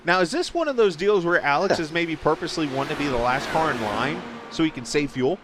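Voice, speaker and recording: A man's voice: on the high side, lively intonation, quick pace. A man doing play-by-play for an online sim race, talking in a loose, chatty way and cracking jokes between updates. A faint hiss sits under his voice. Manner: chatty, filler-heavy, joking. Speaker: play-by-play commentator. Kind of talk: sim racing commentary.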